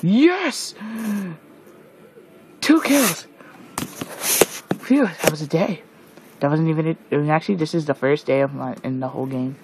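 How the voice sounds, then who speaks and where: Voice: medium pitch, quick pace, noisy background. A gamer giving casual let's-play commentary, jumpy and shrieking at monsters while muttering asides in between. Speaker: gameplay commentator.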